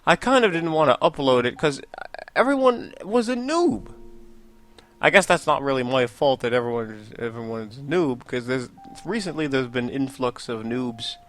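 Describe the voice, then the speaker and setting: Commenting casually on his own gameplay, this young man rambles, jokes at his own expense and laughs a lot, as a Let's Play host does. He sounds animated and fairly bright, at medium pitch and a moderate pace.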